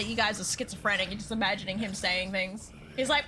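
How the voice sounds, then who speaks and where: A woman streaming a game live, chatting with her viewers, excitable, swearing freely and breaking into squeals. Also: mid-range voice, fast talker, few pauses, a little hiss or hum. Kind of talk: live gameplay commentary. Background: game music.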